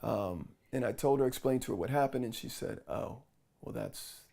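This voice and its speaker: Brisk and mid-range, this New Yorker's voice carries a casual vlog retelling of a frustrating story. The telling is animated, driven by frequent quoted dialogue.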